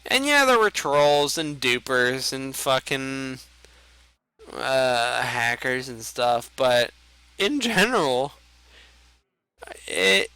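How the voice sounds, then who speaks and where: A man's voice: a little high, bright, forceful tone, clear, resonant tone, no echo, rough recording. A young man streaming a card game, rambling and swearing as he reacts to the plays. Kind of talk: casual gaming commentary.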